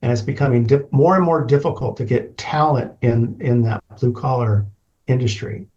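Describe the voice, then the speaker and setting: A man answering interview questions in a measured, plain-spoken way. His voice sits in the middle range and comes through slightly dull, muffled audio. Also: mid-range voice, a little mellow. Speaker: guest, facilities manager. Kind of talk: casual interview chat.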